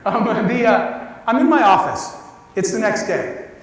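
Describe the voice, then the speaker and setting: A man's voice: sits high, a little slow. Man telling a story in an echoey hall. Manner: animated, acts out quoted dialogue. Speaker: guest speaker. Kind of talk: storytelling talk to an audience. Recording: echoey hall, distant mic.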